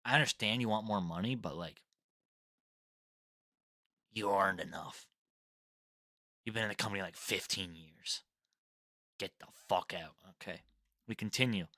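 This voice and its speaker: A man's voice: lowish voice, a little slow, pauses often, sharp tone, no room sound, clean studio sound. A young man giving casual solo fight predictions, rambling, swearing and laughing at his own slips.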